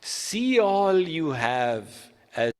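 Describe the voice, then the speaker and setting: A man giving a sermon as a spiritual teacher, teaching slowly and deliberately through told stories. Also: on the high side, sing-song, a little mellow, long reverb tail.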